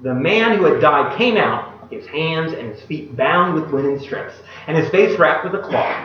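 A male pastor giving a sermon and reading scripture aloud. He acts out the quoted speech in a casual modern voice and drops to a hushed voice at solemn moments. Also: on the high side, lively intonation, moderate pace. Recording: echoey hall, distant mic, dull sound.

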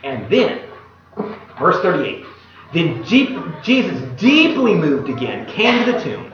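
A male pastor giving a sermon and reading scripture aloud. He acts out the quoted speech in a casual modern voice and drops to a hushed voice at solemn moments. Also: on the high side, huge pitch swings, slow, soft background music. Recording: echoey hall, distant mic, dull sound.

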